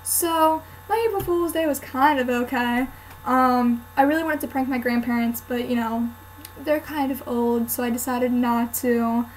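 Woman, young, vlogger, casual storytelling, high-pitched, filler words. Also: unhurried, slight background noise, low-quality recording. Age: student. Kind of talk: casual chat to camera.

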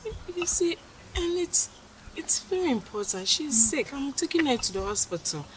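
A woman's voice: sits high, sing-song, moderate pace, background noise. A woman playing a desperate customer who begs for help for a sick companion. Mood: pleading. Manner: pleading, insistent. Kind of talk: short film acting.

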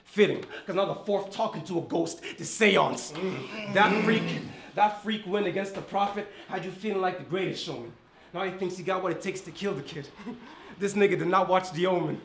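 A man's voice: sits high, vocal fry, a little hiss or hum. Boastful American-accented man rapping in a room. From Ireland. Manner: taunting, boastful, rhythmic punchline delivery. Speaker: battle rapper. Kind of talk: rap battle verses. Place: indoor battle venue. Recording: roomy echo.

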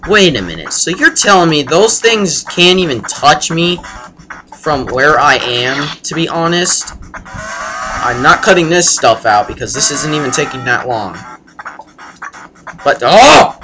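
A man's voice: a little high, lively intonation, unhurried. A young man gives rambling, crude casual commentary while playing a game, breaking into sudden yelps. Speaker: let's play gamer. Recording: game music playing loudly behind.

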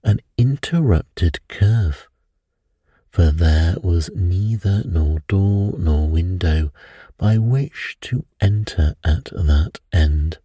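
A man narrating a bedtime detective story in a soft, measured, soothing way. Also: low-pitched, expressive, slightly rough, no echo.

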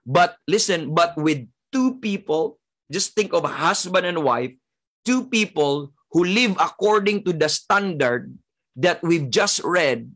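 A man's voice: on the high side, expressive, a little slow, a bit bright. A man with a Filipino accent preaching a sermon as pastor, emphatic and repetitive, breaking up his points with "Amen.".

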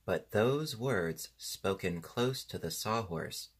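Deep husky man narrating a storybook. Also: animated, takes it slowly. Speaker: audiobook narrator.

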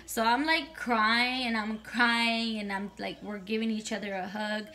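A woman's voice: fairly high pitch, steady tone, measured pace, sharp tone. A young woman vlogger telling a casual storytime monologue, chatty and full of swearing, slipping in Spanish phrases.

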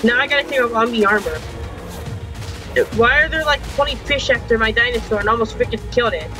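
A man's voice: very high voice, brisk, music in the background. A young man commenting on his gameplay, frustrated and complaining, with frequent mild swearing. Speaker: gaming channel host. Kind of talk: game commentary.

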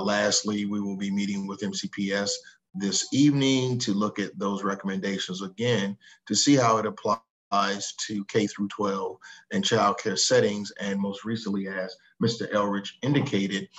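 A man giving a public health update over a video call, halting with many uhs and ums. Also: fairly low pitch, steady tone, fairly bright tone, low-quality recording. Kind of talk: official briefing update.

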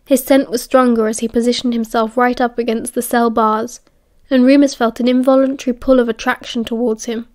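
A young British woman reading an audiobook in a steady, measured narration. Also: on the high side.

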